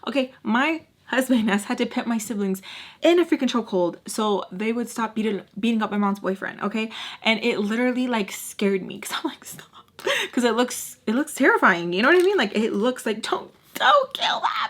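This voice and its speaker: Animated, chatty young woman storyteller. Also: a little high. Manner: animated, chatty, full of fillers and swearing. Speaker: vlogger telling a story. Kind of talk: casual storytime.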